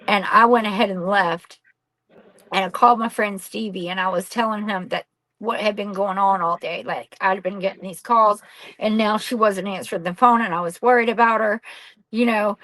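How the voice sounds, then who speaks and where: A woman's voice: mid-range voice, fairly bright tone, no echo, low-quality recording. A middle-aged woman, a podcast guest telling a painful personal story candidly, rambling and swearing casually.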